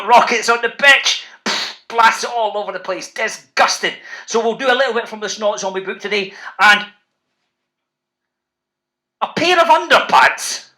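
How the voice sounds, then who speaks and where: Bouncy, bright-voiced Scottish man. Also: high-pitched. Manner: bouncy, playful, calls out to the kids. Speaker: children's author presenting a reading show. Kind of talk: lively talk to school classes.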